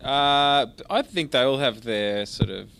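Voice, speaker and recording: A man's voice: medium pitch, unhurried, vocal fry, noisy background. An Australian man in a band, talking in a laid-back, sleepy way in an interview. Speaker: band member. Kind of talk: casual interview.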